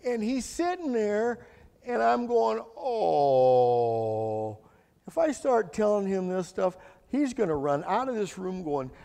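A man with a high-set voice that swings widely up and down delivers a folksy, colloquial testimony from the pulpit. His storytelling is animated and plainspoken. The sound carries a long, echoey church reverb. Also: a little slow, vocal fry. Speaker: guest speaker giving testimony. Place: church sanctuary.

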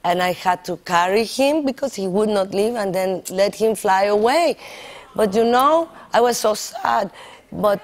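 A woman guest on a TV talk show, telling an animated story in a casual chat, full of "like". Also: mid-range voice, a little slow. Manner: animated, acts out voices, lots of "like". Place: TV studio.

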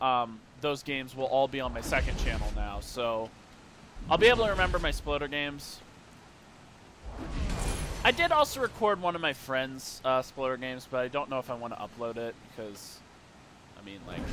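A young man plays a video game and comments casually, rambling and wistful, then breaking into sudden playful outbursts. His voice is mid-range, with background noise behind it.

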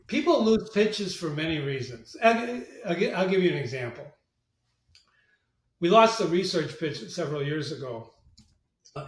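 A middle-aged man, a marketing agency president, telling business anecdotes as an interview guest and acting out the voices in them. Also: a little high. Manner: animated, acts out quoted voices. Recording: echoey room, distant mic.

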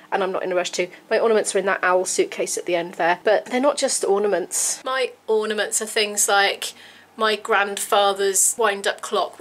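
A woman's voice: medium pitch, a bit bright. A woman in her thirties with a British accent, chatting casually through a home vlog while she tidies up. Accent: British English. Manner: chatty, rambling, talks while tidying. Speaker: vlogger. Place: home, indoors.

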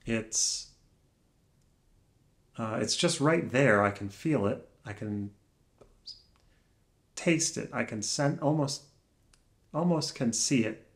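A man musing aloud alone in a room, soft-spoken and searching, speaking in halting phrases that trail off into pauses. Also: medium pitch, expressive. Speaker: vlogger. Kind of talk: slow reflective musing.

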